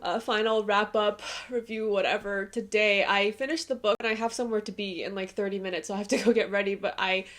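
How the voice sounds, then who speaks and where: A young woman hosts a casual reading vlog, reading passages aloud while gushing emotionally and laughing often. Her mid-range voice is a bit bright with fairly even intonation, and she talks fast with hardly any pauses.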